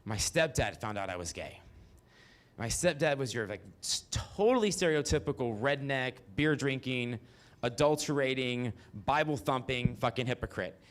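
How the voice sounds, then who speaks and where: A Mississippi man in his 40s performs solo on stage, telling his life story as autobiographical stand-up. His voice is medium-pitched and fairly bright, moving at a normal speed. He's frank and profane, tossing asides to the audience.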